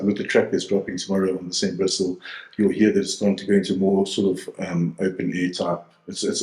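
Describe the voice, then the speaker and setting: Man, forties, very deep voice, rambling casual guest, video call, echoey room. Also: a little mellow. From South Africa. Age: 40s. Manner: rambling, many fillers and restarts. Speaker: DJ and producer guest. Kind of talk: casual interview chat. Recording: roomy echo.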